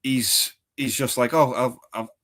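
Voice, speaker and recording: A man's voice: mid-range voice, steady tone, measured pace, a bit bright. A man co-hosting a casual film chat, rambling, quoting movie lines and laughing often. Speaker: podcast co-host.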